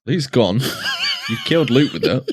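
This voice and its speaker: A man's voice: mid-range voice, big pitch swings, moderate pace, a little hiss or hum. A man co-hosting a casual podcast, teasing his friends, swearing freely and laughing often. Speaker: podcast co-host. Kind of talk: casual chat.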